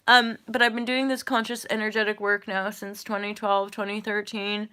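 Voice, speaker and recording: A woman's voice: mid-range voice, flat delivery, moderate pace, few pauses, bright, forceful tone, clear, resonant tone. A woman in her thirties, a yoga teacher hosting a casual livestream, talking candidly, swearing freely and laughing often. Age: 30s. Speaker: yoga teacher and channel host.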